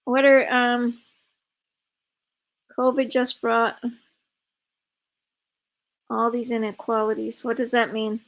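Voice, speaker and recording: A high-voiced woman tells a story in quick, animated bursts. She hosts a live online event and talks casually over a video call. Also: poor audio.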